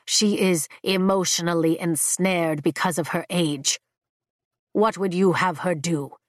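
A woman reading the part of a stern, commanding old male dragon in a storybook, her voice lowered and measured. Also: steady tone, no room sound, studio quality, natural voice. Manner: measured, authoritative.

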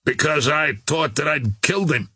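A man's voice: on the high side, moderate pace, bright, forceful tone, husky, no room sound, clean studio sound. A man playing a blunt young brawler. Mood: earnest. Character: rough young brawler, tough yet humble man. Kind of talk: audiobook character voice.

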